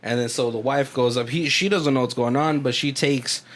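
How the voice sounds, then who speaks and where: A man's voice: medium pitch, steady tone, brisk. Rambling, laughing male podcast co-host. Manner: rambling, laughs often, swears, puts on voices for quotes. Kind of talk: casual movie commentary chat.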